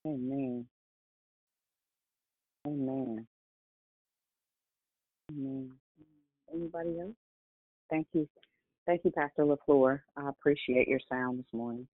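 A woman hosting a prayer call, speaking softly and affirming her callers. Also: extremely low pitch, takes it slowly, long pauses, no echo. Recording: tinny phone line.

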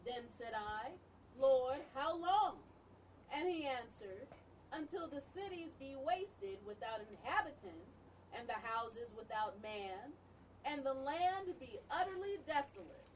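A woman reading scripture aloud in a slow, measured way during a church class. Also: high-pitched, big pitch swings, recorded from a distance, slight background noise, poor audio.

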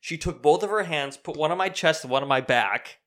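A young man telling a story in casual chat, animated and profane, laughing often. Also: fairly high pitch, brisk.

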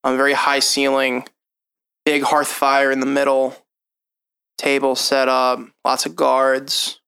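A man's voice: mid-range voice, monotone, slow pace, creaky, pushed and bright, clean tone. A young man narrating a tabletop game as game master, describing scenes in a casual, loose way. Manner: casual, descriptive, breaks into townsfolk voices.

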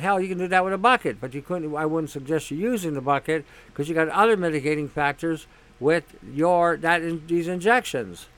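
High-voiced blunt, profane man. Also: a bit bright, clean tone. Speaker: host. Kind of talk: casual monologue.

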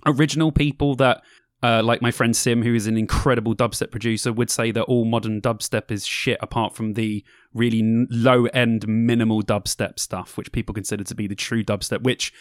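A man's voice: mid-range voice, fairly even intonation, a little fast, no echo, clean studio sound. A young man co-hosting a podcast, chatting casually and rambling with lots of ums as he explains music styles. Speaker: podcast co-host. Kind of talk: casual chat reviewing festival bands.

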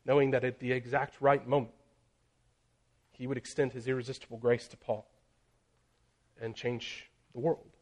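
A man preaching a sermon, building in intensity through emphatic lists and dropping to a near hush on key phrases. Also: mid-range voice, little pitch movement. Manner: slows and drops very soft on key phrases.

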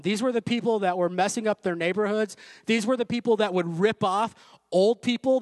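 A man's voice: sits high, no echo. A man preaching a sermon in a conversational way, with asides and light jokes, speaking to a room. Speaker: pastor. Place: church room.

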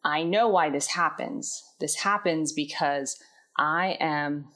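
Woman, low voice, unhurried, candid and introspective, drops soft at phrase ends. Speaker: vlogger. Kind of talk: personal reflective storytelling.

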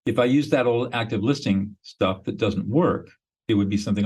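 A man's voice: lowish voice, a little fast, a little mellow, breathy edge, rough recording. A man, a mediator and podcast guest, explaining his method in a blunt, emphatic, instructional way.

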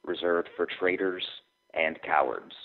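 A man voicing a low, ominous dragon lord. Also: takes it slowly. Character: menacing male dragon lord of the underworld. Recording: tinny phone line.

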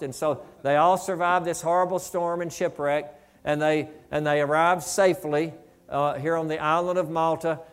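A man with a notably high voice preaches a sermon with fervor. He climbs to loud bursts of praise, then drops into chatty asides full of restarts. The delivery is a live pulpit message. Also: smooth. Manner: fervent, building to loud exclamations of praise. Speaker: pastor.

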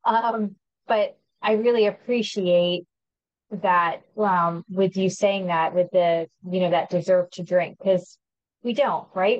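A woman's voice: lowish voice, dry recording, dull audio. A woman co-hosting a podcast, chatty and often laughing between points. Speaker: podcast co-host. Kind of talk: casual chat.

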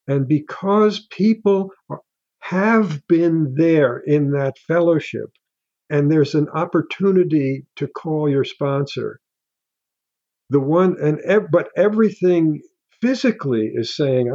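An older man talks in a mellow, soft-edged voice, stopping and restarting his sentences as he goes. The sound is dry and slightly dull. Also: a little high, no echo. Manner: halting, with many restarts and fillers. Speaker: guest author. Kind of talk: casual interview talk.

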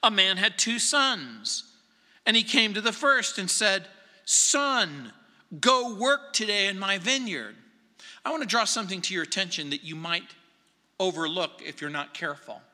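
A man pastor preaching a verse-by-verse sermon in an earnest, emphatic way with dramatic pauses, recorded in a church sanctuary. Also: high voice, lively intonation, bright, forceful tone. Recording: echoey hall reverb.

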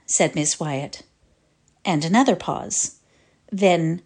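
A woman reading a classic short story aloud with measured, expressive storytelling. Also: fairly low pitch, husky. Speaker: reader.

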